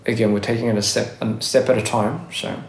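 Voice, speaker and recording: A man's voice: medium pitch, fairly even intonation, brisk, gravelly, a little hiss or hum. Young guy with a faded australian accent rambling on a phone livestream, restarts a lot, echoey room. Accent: Australian, worn down by years in Korea and America. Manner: rambling, self-correcting, laughs often. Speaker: livestream host. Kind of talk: casual livestream chat reading comments. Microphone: phone livestream mic.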